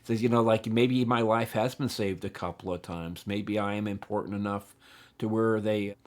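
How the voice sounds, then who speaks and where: A man's voice: lowish voice, fairly even intonation, normal speed. Man musing hesitantly in an interview. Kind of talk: documentary interview.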